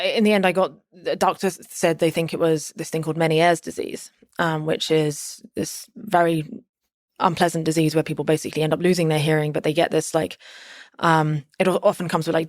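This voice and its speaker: A woman's voice: sits low, dry recording, clean studio sound. A woman as a podcast guest, telling a personal story casually, rambling with many fillers and restarts.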